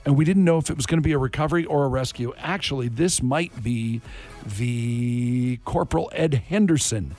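A man hosting a morning radio show, chatting casually with quick, joking asides. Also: mid-range voice, a little mellow.

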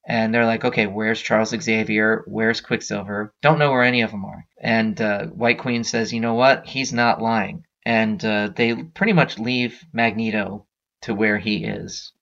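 A man's voice: lowish voice, moderate pace, gravelly, a bit bright, dull audio. A man hosting a podcast, casually retelling a comic storyline with frequent fillers and restarts. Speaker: podcast host.

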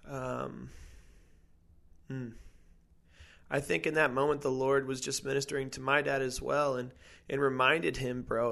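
Gravelly-voiced man, earnest and halting. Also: mid-range voice, a bit bright. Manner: earnest, halting, casual slang. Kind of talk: casual testimony chat.

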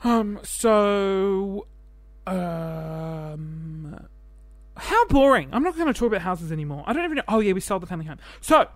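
A man's voice: high-pitched, expressive, measured pace, no echo. Chatty Australian man, dry close sound. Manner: chatty, self-deprecating, jumps between topics. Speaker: podcast host. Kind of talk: casual solo podcast monologue.

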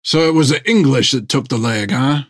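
A man voicing a gruff, hot-tempered giant of a one-legged sailor, growling and blustering. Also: mid-range voice, moderate pace, no room sound, studio quality, close to an everyday voice.

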